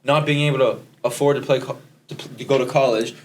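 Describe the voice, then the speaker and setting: A man's voice: mid-range voice, steady tone, fast, a little hiss or hum. A man hosting a podcast, chatting casually with brash, swearing interjections. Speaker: podcast host.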